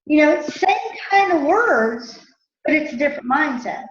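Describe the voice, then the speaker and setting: Woman guest, high voice, roomy and dull-sounding recording, chatty storyteller. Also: animated, normal speed. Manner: storytelling, acts out coworkers' voices. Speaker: discussion participant. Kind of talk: casual group discussion.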